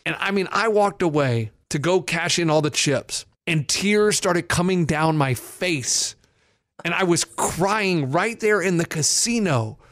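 A man with a slightly high voice tells a story in casual podcast chat. He acts out what other people said as he goes. The sound is dry and close to the mic. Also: measured pace, no room sound. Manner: animated storyteller acting out quoted voices. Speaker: podcast co-host.

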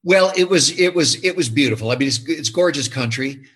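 Older male actor, husky voice, expressive and rambling, casual interview. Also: on the high side, brisk. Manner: expressive storyteller, many restarts and fillers. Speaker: actor interviewed about his film.

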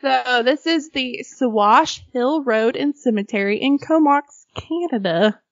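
A woman from Arkansas reads ghost stories aloud for a casual podcast, her voice pitched high. She breaks off for jokey, sweary asides and plenty of laughter. The recording is dry and a little dull, with no room sound. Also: unhurried, no room sound. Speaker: podcast co-host.

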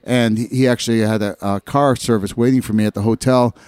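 A man's voice: mid-range voice, fairly quick, clean tone, no echo. A middle-aged man, a former hockey player, telling locker-room stories in casual chat and acting out the voices he quotes. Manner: animated storyteller, acts out quoted voices.

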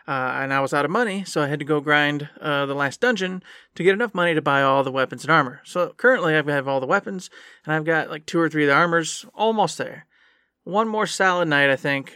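A man's voice: on the high side, sharp tone, clear, resonant tone, dry recording, studio quality. A man co-hosting a podcast, rambling enthusiastically through his week in casual chat. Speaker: podcast co-host.

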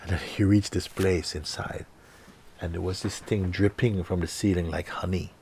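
A man teaching through a dramatic story, repeating words and swinging between loud and hushed delivery. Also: low-pitched, fairly even intonation, moderate pace, creaky, slight background noise. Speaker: spiritual teacher.

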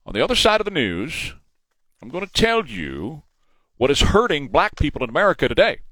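Man, 40s, Texan accent, talk radio host, emphatic, opinionated, slightly high voice, dry close studio sound. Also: big pitch swings, fairly quick, pushed and bright, dry recording. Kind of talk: political talk radio monologue. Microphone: studio microphone.

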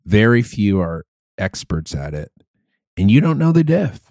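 A man co-hosting a podcast, chatting casually in animated, joking and profane rants. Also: fairly low pitch, a little slow, vocal fry, no room sound, clean studio sound. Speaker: podcast co-host. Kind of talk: casual chat.

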